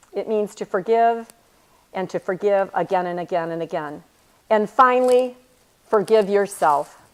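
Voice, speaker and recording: Earnest woman giving a faith talk. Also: mid-range voice. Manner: earnest, emphatic, repeats key phrases slowly. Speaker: speaker at a women's church retreat.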